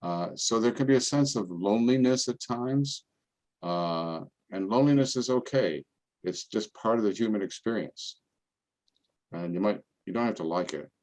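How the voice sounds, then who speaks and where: An older man, a priest, giving a relaxed, conversational talk full of homely anecdotes and playful voices for the people in them. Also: fairly low pitch, moderate pace. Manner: folksy storytelling, acts out other people's voices. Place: parish event, indoors.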